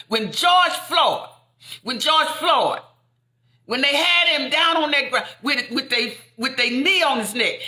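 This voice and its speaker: A woman preaching fervently, repeating lines and building up to shouts. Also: a little high, roomy sound. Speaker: inspirational speaker. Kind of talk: impassioned preaching.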